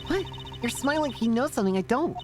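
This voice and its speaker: A man's voice: very high-pitched, animated, quick pace, voice pushed up. A man voicing a bubbly, teasing teenage girl stage magician as he reads game dialogue aloud. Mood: playful. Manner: teasing, chirpy and playful. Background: game music.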